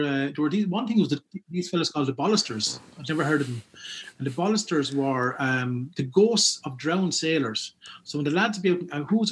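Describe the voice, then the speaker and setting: An Irish man spins folklore stories in a loose, rambling way, circling back and restarting his sentences. His voice sits a little on the high side for a man, and he keeps it lively and animated as he goes. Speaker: folklore collector guest. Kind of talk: casual storytelling chat.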